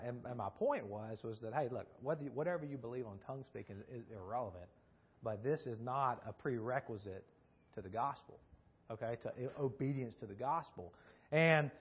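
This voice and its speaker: A man's voice: mid-range voice, husky. A man giving a conversational sermon, telling a story with many restarts and repeated words and asking his listeners questions. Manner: asks the audience questions. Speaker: preacher teaching a Bible class. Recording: dull lo-fi recording.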